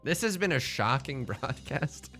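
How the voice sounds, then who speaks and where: A man's voice: mid-range voice, very animated, unhurried, sharp tone, faint music behind. A young man chatting casually while streaming a game, joking and rambling playfully as he plays.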